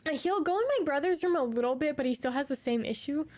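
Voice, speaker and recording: High-voiced woman gushing over her cat. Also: fast, darkish tone. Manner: gushing, doting, baby-talks to her cat. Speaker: streamer. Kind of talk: casual chat with viewers. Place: her room at home.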